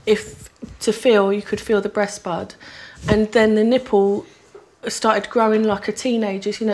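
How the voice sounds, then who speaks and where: Lady in an interview, hesitant, lots of ums, noisy room. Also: medium pitch. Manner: hesitant, with fillers and pauses.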